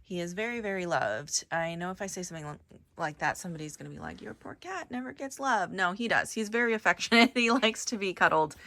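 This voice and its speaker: A woman's voice: lowish voice, animated, quick pace, sharp tone. Chatty woman vlogging her reseller work. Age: middle-aged. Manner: chatty and rambling, talking to viewers while searching shelves. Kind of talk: casual work-with-me vlog narration. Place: home storage area with shelves and bins.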